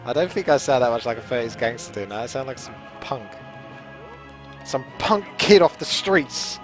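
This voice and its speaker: A man's voice: mid-range voice, animated, moderate pace, natural voice. A man putting on a brash 1930s gangster voice, tough and clipped, over game music. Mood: mocking.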